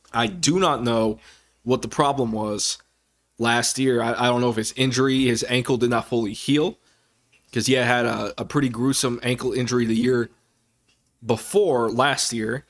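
A man talking casually about his football team in a vlog, rambling with many fillers and restarts. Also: medium pitch. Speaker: sports fan vlogger. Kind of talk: casual sports commentary vlog.

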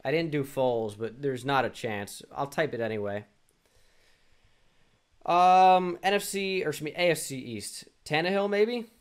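A man's voice: on the high side, moderate pace, clear, resonant tone. A young man thinking aloud through a sports quiz, muttering, restarting and mocking himself. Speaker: gaming YouTuber. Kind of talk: casual self-talk while playing a sports quiz.

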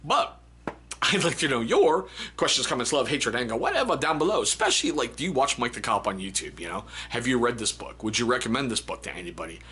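A man's voice: medium pitch, very animated, quick pace, pushed and bright, a little hiss or hum. A man hosting a casual book review video, reading funny excerpts aloud and laughing often. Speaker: book review channel host.

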